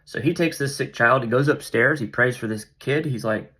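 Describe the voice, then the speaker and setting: A man's voice: medium pitch, moderate pace, sharp tone, breathy edge. A man hosting a casual Bible study vlog, retelling the passage in a playful, jokey, slangy way. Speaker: vlog host.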